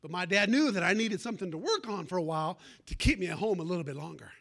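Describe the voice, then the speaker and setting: A man's voice: high-pitched, animated, fast talker, vocal fry, a bit bright. A man preaching a sermon, calling out for amens and telling a folksy personal story with fervor.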